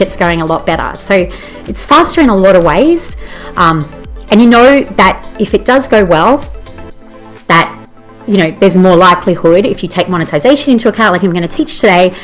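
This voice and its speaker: An Australian woman giving an enthusiastic, conversational presentation, often checking in with "you know" and "okay?". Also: medium pitch. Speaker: presenter teaching bloggers. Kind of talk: presentation talk.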